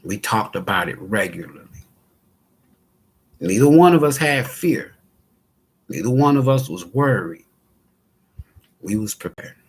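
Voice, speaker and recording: A man's voice: on the low side, expressive, measured pace, long pauses, slightly rough. A middle-aged man telling a heartfelt personal story about his late father, earnest and folksy in plain speech.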